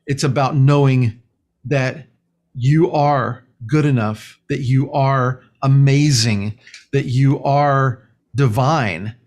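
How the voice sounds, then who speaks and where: A man speaking as a guest, explaining a spiritual practice in a calm, slow, earnest way. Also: medium pitch. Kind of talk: spiritual teaching in conversation.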